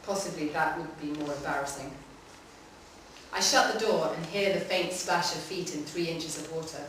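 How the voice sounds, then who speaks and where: A woman giving a live, measured reading of a short story in a public library room. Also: low voice, fairly bright tone, a little hiss or hum. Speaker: reader. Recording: echoey hall from far off.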